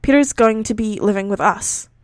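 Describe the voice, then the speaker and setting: A woman voicing a tired young man speaking softly and with feeling. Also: mid-range voice, normal speed, dry recording, clean studio sound, close to an everyday voice. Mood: tender.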